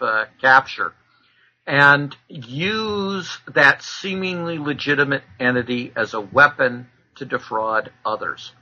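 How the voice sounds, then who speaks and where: A man as a fraud expert guest, giving measured, lecturing answers with frequent filler pauses. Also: medium pitch, sharp tone, muffled recording. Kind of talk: explanatory interview answers.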